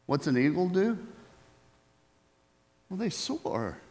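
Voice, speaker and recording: A male preacher with a notably high voice delivers a sermon at a slow, unhurried pace. He talks conversationally and keeps turning to his listeners with questions. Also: very animated, a little mellow, a little hiss or hum. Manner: conversational, asks the audience questions.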